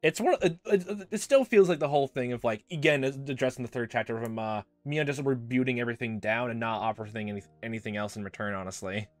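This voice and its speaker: A man's voice: mid-range voice, fast, hardly any pauses, no room sound, soft background music. Rambling, exasperated man commenting on a game. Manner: rambling, exasperated, full of fillers and swearing. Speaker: let's play commentator.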